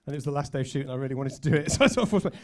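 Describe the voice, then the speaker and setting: A man's voice: mid-range voice, expressive, rapid-fire, darkish tone. A man producer in a panel chat, joking about his cameo on the show.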